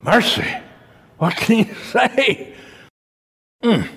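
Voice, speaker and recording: A preacher delivering a folksy sermon, emphatic and slow-paced, his voice pushing up toward near-shouts. He sounds like he's in a church, with a long reverb hanging on every word. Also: medium pitch, sing-song.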